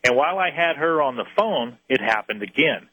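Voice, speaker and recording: A man's voice: mid-range voice, lively intonation, bright, forceful tone, no echo, highs cut off. A man who researches UFO experiences, earnestly recounting one of his cases in an interview and often restarting his phrases. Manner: earnest storyteller, halting restarts.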